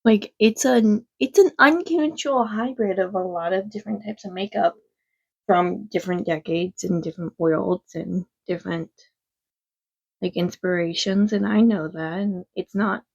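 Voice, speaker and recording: A woman's voice: mid-range voice, gravelly, highs cut off. A woman chatting casually through a makeup tutorial at home, rambling and frank, with some swearing. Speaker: makeup vlogger. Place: quiet home.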